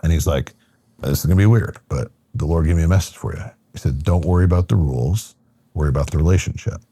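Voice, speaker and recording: Middle-aged male guest, very low pitch, gravelly husky voice, animated storyteller, dry close sound. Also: fast, no echo. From Michigan, USA. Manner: animated storyteller acting out quotes, lots of fillers. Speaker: podcast guest. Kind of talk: casual storytelling conversation.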